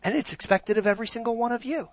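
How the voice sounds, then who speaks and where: A man's voice: extremely high pitch, rapid-fire, dry recording. A man preaching a sermon, emphatic and throwing rhetorical questions at his congregation.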